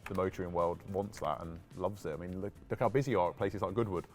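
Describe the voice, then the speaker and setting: Low-voiced man, southern-northern mixed accent. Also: fast, faint music behind. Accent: southern English mixed with Manchester. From West Sussex, England. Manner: easygoing, agreeable, laughs along. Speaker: guest, classic car dealer. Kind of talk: casual chat.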